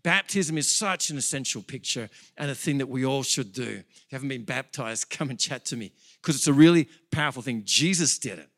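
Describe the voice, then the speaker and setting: A man preaching a sermon as pastor, animated and building to excited peaks, with quick self-corrections. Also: mid-range voice.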